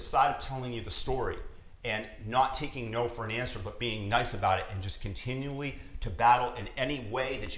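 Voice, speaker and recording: A man's voice: mid-range voice, a bit bright, slight background noise. A father vlogging to camera with earnest, emphatic motivational talk, repeating his points. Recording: roomy echo.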